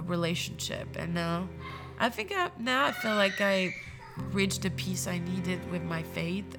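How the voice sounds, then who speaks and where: A woman in her thirties with a somewhat low voice tells her story haltingly, close to tears at times. Soft music plays clearly underneath her. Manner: emotional, halting, tearful. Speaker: church member sharing testimony. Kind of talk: personal testimony.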